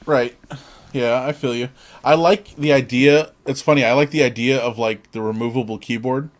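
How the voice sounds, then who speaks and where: A man's voice: mid-range voice, steady tone, moderate pace. A man co-hosting a podcast in casual chat, easygoing, swearing casually as he talks about old gadgets. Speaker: podcast co-host.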